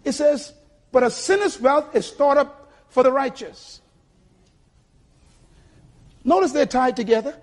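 An older man preaching a sermon to a church congregation with a husky voice, emphatic and calling for responses. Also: very high-pitched, measured pace, pauses often. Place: church sanctuary.

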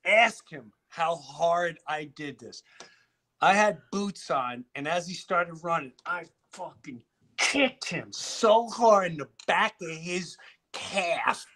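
A middle-aged comedian from Long Island tells stories in a casual chat. His voice is high and bright, and he swears freely as he talks. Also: takes it slowly. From Long Island, New York. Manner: animated, heavy swearing, restarts. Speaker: comedian guest.

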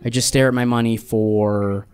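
A man in his thirties performing a stand-up set, telling a story in a dry, deadpan way and slipping into exaggerated voices for quotes. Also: mid-range voice, normal speed, clean tone. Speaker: stand-up comedian. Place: live comedy club with audience laughter. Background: audience laughter.

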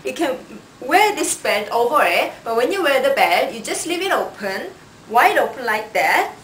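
A woman's voice: high voice, sing-song, a bit bright, slight background noise. A woman presenting clothes as a stylist, showing each piece and repeating "like this". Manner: unhurried, shows each item with "like this". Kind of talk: product styling demo. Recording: roomy sound from a distance.

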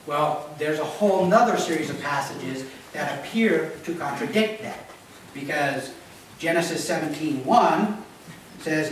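In a church sanctuary, a male pastor reads scripture and delivers a conversational teaching sermon, checking in with the congregation by often asking "Okay?" His voice is a little high and fairly bright, a little slow with long pauses. A distant mic picks up room echo and slight background noise.

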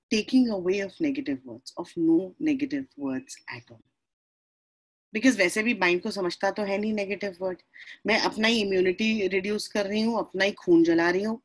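A woman in her forties with an Indian accent, giving a motivational talk on a video call. She mixes Hindi into her English, stretches key words slowly and often asks "right?". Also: medium pitch, rough recording. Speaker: speaker on mindset.

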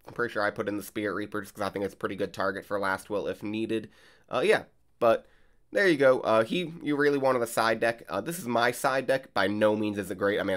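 A man's voice: lowish voice, a bit bright. A man hosting a card game channel, chatting casually and rambling with lots of fillers. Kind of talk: casual gameplay vlog and commentary. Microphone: desk mic while recording gameplay.

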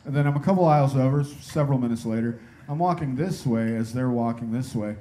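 A male stand-up comedian on a club stage, telling a story with incredulous energy and quick acted-out asides. His voice sits at an ordinary middle pitch, with a faint hum of room noise behind him. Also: mellow.

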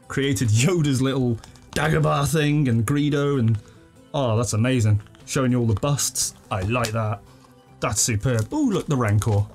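Excitable man unboxing at home. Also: medium pitch. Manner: excitable, enthusiastic, chatty with laughs. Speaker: unboxing video host. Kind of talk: casual unboxing commentary. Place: living room at home.

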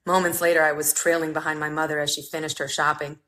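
A woman's voice: low voice, level tone, fast, few pauses, pushed and bright, rough recording. A woman in her thirties reading a humorous memoir aloud on a phone livestream, with a wry, dry comic delivery. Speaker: reader. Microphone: phone mic.

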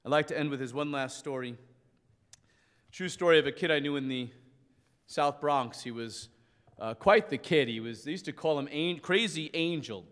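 A priest preaching with passion and telling a dramatic story, acting out its voices. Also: male voice, fairly high pitch, normal speed. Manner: impassioned storyteller who acts out the shouting in his story. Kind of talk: preaching a rally speech with a story. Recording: long hall reverb.

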